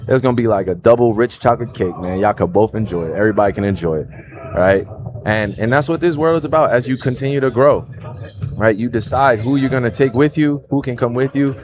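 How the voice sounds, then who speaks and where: A man's voice: mid-range voice, fairly quick. A man in his thirties with a New Jersey accent, talking to viewers on his livestream in an earnest, reflective way and often checking in with "right?" and "you know". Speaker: livestream host. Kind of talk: casual reflective monologue.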